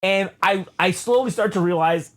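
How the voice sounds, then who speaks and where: With a high voice at a normal speed, a man co-hosting a podcast rambles through a story. He swears constantly and keeps starting over in this profane, casual chat.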